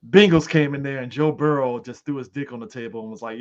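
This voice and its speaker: A man's voice: mid-range voice, fast, darkish tone, highs cut off. A man co-hosting a casual sports chat show, joking and swearing as he breaks down games. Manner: joking, profane, laughs easily. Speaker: podcast co-host.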